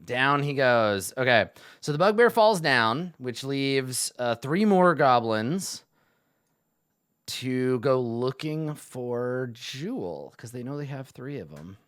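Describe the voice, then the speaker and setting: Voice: medium pitch, very animated, slow, fairly bright tone. A game master narrating a tabletop game in a rambling way, full of fillers.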